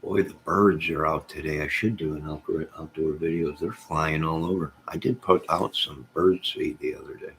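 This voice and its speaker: A man's voice: rumbling low, moderate pace, hardly any pauses, a bit bright, slight background noise. A man hosting a casual livestream from home, joking and teasing viewers by name as he reads the chat. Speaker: livestream host reading chat. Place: at home with goats nearby.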